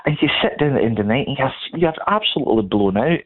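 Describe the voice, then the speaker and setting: A man's voice: medium pitch, expressive, racing. A middle-aged man from Scotland with a Scottish accent, telling stories in a casual, chatty way and laughing as he goes. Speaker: guest. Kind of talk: casual storytelling chat. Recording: tinny phone line.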